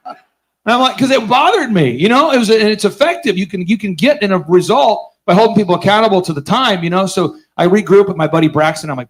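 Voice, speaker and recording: Storytelling live at a business conference he hosts, a high-pitched, fast-talking man is sarcastic and full of energy. He does voices for the characters and fires questions at the audience.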